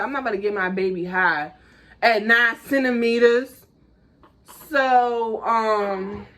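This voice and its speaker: Chatty young woman telling a story. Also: mid-range voice. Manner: chatty, animated, lots of "like" and "y'all". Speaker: vlogger. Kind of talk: casual storytime.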